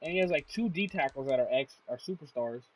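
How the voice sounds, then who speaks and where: A man's voice: a little high, lively intonation, fast, highs cut off, a little hiss or hum. A man streaming a console game live, chatting casually with blunt, profane, exasperated trash talk.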